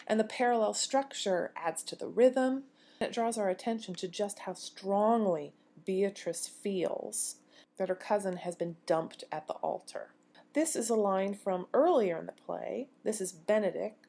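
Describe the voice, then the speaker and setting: A woman giving a recorded university lecture on grammar, explaining clearly and slowing down to read quoted lines. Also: mid-range voice, darkish tone.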